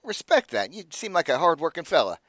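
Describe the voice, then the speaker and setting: A man's voice: fairly high pitch, sing-song, fairly quick, fairly bright tone, dry recording, pitched above the performer's own voice. A man doing a jovial drawling innkeeper. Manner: drawling, folksy. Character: jovial drawling male innkeeper, backslapping and crude.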